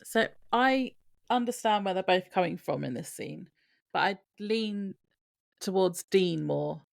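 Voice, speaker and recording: A woman co-hosting a podcast in casual chat, recapping scenes slowly and laughing often. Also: mid-range voice, expressive, gravelly, no room sound, clean studio sound. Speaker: podcast co-host.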